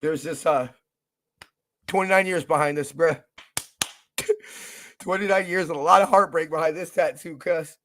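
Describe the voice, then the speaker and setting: A man's voice: a little high, steady tone, unhurried, long pauses, a bit bright. A young man hosting a fan radio show, talking in a profane, emotional, hyped-up way. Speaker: podcast host. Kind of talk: casual fan radio monologue.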